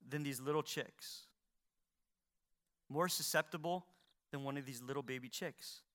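A middle-aged man preaches from the pulpit in a high-pitched voice. His tone is bright and ringing, and he drives his points home with rhetorical questions. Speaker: pastor. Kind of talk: sermon.

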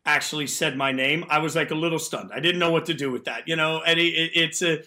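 A man's voice: on the high side, fairly even intonation, fast talker, bright, forceful tone. A man hosting a sports talk radio show, talking energetically about football and taking callers. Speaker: radio host.

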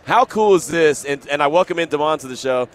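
A man's voice: fairly high pitch, lively intonation, brisk. A man hosting live sports radio outdoors at a stadium, upbeat and full of hype, repeating phrases. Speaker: radio host.

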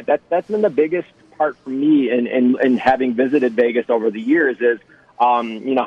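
A man as a guest sports reporter on a radio show, talking hesitantly and repeating his words. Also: mid-range voice. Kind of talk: remote radio interview. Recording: dry, dull remote line.

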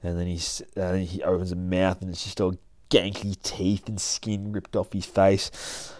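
A man reads and recaps a comic book in a loose, rambling way, with swearing in nearly every line. His voice is low. The sound is dry with no room echo. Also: completely flat delivery, a little slow, darkish tone. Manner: profane, rambling, laid-back. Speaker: comic reader.

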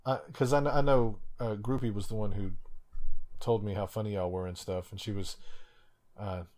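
A man speaks casually as a podcast guest, relaxed and a little halting. His voice sits somewhat low. He often restarts his words.

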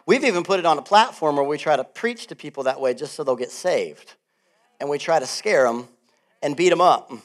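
Male pastor, middle-aged, fairly high voice; animated sermon delivery, laughs a lot, loud-to-quiet swings. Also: a little fast.

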